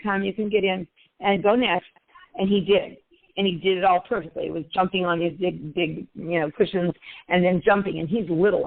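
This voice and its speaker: An older woman, a grandmother, calling in to a group session and telling a long personal story in a chatty, earnest way. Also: lowish voice. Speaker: caller. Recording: tinny phone line.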